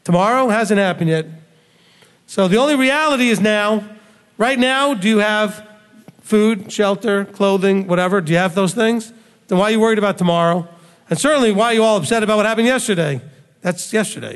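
A man's voice: high-pitched, lively intonation, normal speed. A man preaching a sermon, bluntly scolding his listeners with rhetorical questions. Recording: long hall reverb.

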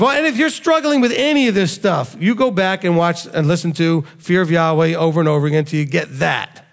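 A man teaching scripture in a conversational sermon style to a small group, acting out quoted lines with animation. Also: sits high. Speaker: bible teacher. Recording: long hall reverb.

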